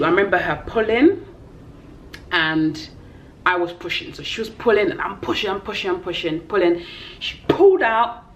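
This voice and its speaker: A young London woman from England, a vlogger, tells an emotional personal story in a heartfelt, tearful way and acts out voices within it. Her mid-range voice comes through a low-quality recording with slight background noise.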